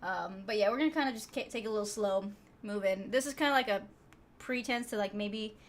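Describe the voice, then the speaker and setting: A woman's voice: medium pitch, a little fast. A woman streamer, chatting casually and laughing with her live chat viewers, a little out of breath. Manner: laid-back, chatty, laughs often, trails off with fillers.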